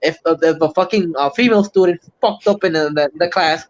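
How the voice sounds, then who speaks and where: A man's voice: on the high side, a little fast, a little hiss or hum. A man hosting a livestream, ranting in casual, heavily profane chat. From Puerto Rico. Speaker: livestream host. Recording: muffled lo-fi stream audio.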